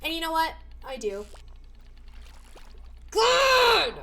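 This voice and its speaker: A young woman streaming live, chatting casually, bubbly and excitable with sudden squeals. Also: fairly high pitch, unhurried, a little hiss or hum.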